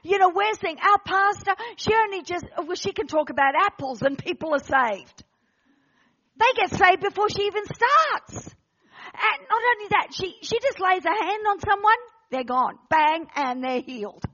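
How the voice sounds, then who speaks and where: A woman preaching an impassioned sermon, swinging between loud exhortation and hushed intensity, with frequent restarts. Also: very high-pitched, lively intonation, a little slow, dull audio. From Australia. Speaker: guest preacher.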